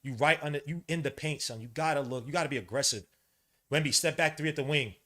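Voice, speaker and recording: A man, hosting a podcast and giving live, slangy commentary while watching a basketball game, getting loud at big plays. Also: a little high, quick pace. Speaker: podcast host.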